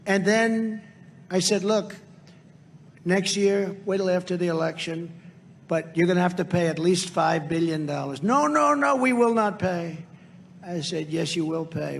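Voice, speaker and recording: A man's voice: a little high, a little hiss or hum. An older man giving a rambling, repetitive rally speech in a conversational manner. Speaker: rally speaker.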